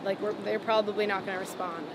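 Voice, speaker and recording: A woman's voice: medium pitch, fairly even intonation, fast. Chatty young woman, street noise behind. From Los Angeles. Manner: chatty, many "like" fillers, laughs often. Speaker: singer-songwriter guest. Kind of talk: casual interview storytelling. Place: outdoors on a city sidewalk.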